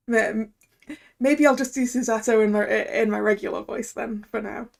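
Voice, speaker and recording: Chatty, giggly woman streamer with a high voice, talking casually over a game. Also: gravelly.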